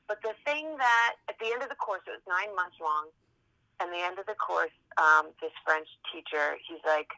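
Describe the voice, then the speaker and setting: A woman in her thirties from Massachusetts, an actress chatting as a podcast guest and telling stories in an animated, chatty way. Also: lowish voice, moderate pace, vocal fry, no room sound, poor audio. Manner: chatty, animated storytelling with fillers. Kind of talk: casual interview chat.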